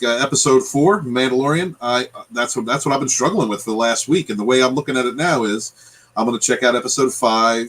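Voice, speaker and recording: Husky-voiced guy ranting and cursing in a casual podcast chat. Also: medium pitch, a bit bright, rough recording. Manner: ranting, profane. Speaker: guest, channel creator.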